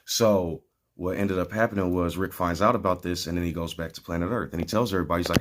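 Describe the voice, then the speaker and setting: Low-voiced man on a rambling spiritual ramble. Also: fairly even intonation, fast. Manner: earnest, preachy, meandering.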